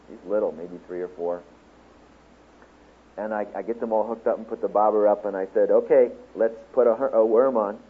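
A man speaking at a Bible teaching seminar, telling a story and then lecturing to a class in an animated way, acting out the quotes. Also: fairly low pitch, a little hiss or hum. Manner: animated storyteller, acts out quotes, laughs along. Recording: tinny phone-like lo-fi recording.

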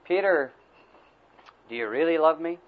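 A man voicing a calm, earnest teacher figure. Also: on the high side, a little slow. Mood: gentle, serious. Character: calm adult male teacher questioning his friend. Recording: tinny phone-like recording.

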